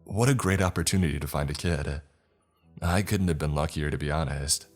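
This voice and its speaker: A man with an extremely deep, low voice narrates a scripted horror-comedy story. His delivery is dry and sardonic, and faint music plays underneath. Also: brisk.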